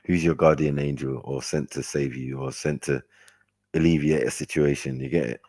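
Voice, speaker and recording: A man on a live panel chat, talking in a slow, preachy, philosophising way. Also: very deep voice, steady tone, darkish tone, no room sound. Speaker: panel member.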